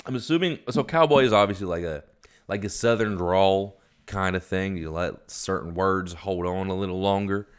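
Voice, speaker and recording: Young man, reading a webcomic aloud, rambling, amused, low voice. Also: normal speed, smooth. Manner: rambling, amused, self-interrupting. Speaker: webcomic reader. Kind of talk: casual read-along with commentary.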